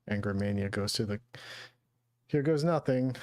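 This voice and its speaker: Low-key man narrating while drawing. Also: moderate pace, long pauses, a little mellow. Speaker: artist hosting a live drawing call-in show.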